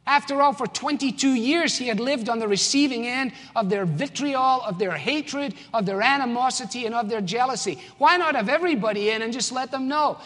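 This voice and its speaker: A man's voice: extremely high pitch, animated, normal speed, few pauses, a bit bright. A man with a Scottish accent preaching a sermon as pastor, in an emphatic, conversational way. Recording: long church hall reverb.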